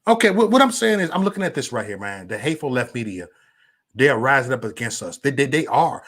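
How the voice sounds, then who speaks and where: A man ranting on a casual livestream, loud and profane, stammering and restarting, talking straight to viewers by name. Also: mid-range voice, big pitch swings, fast. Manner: chats directly with viewers by name. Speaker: livestream vlogger.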